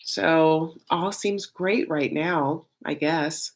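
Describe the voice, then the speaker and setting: A man's voice: fairly high pitch, very slow. A man hosting a live reaction show, chatting casually and animatedly with lots of fillers and campy, self-mocking asides. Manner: chatty and animated, many fillers, bursts of mock voices.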